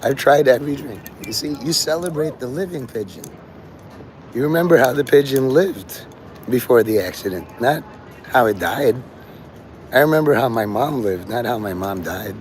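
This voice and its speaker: A man's voice: medium pitch, expressive, moderate pace, slight background noise. A man livestreaming outdoors on his phone, rambling to his chat and acting out the voices of people he quotes.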